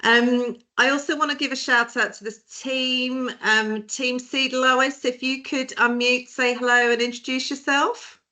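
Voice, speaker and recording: A woman's voice: sits high, fairly even intonation, measured pace, hardly any pauses, sharp tone. A woman from Britain hosting a webinar as director of a small firm, chatty and jokey with many hesitations, heard over a video call.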